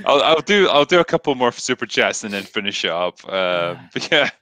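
Scottish male host with bright voice. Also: mid-range voice. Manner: laid-back, reads out viewer comments. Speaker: podcast host. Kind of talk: casual chat.

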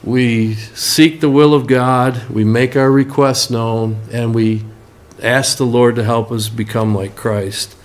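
Pastor preaching in a conversational tone. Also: male voice, medium pitch, steady tone, slow. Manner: folksy storytelling with a joke, conversational. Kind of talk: sermon.

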